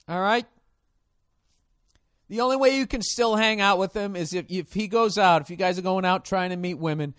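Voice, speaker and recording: A man hosting a podcast in a loose, cursing storytelling chat, with a slightly higher voice than most men. He jumps into loud mock shouts as he tells it, and the sound is dry and close with no room around it. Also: no room sound. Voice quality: profane and animated, bursts into loud mock shouts. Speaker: podcast host.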